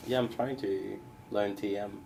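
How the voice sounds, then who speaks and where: Quiet hesitant male interviewer. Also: fairly low pitch, fairly even intonation, unhurried, gravelly, slight background noise, low-quality recording.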